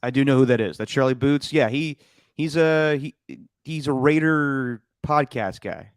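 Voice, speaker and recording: A man's voice: mid-range voice, clear, resonant tone, no echo. A man hosting a casual sports podcast, joking and bantering with his co-host. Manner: joking, quick banter, lively asides.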